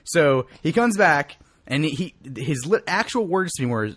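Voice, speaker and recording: A young man co-hosting a casual podcast, telling a story in a profane, animated way and acting out quotes with sharp rises in his voice. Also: fairly high pitch, unhurried, no echo.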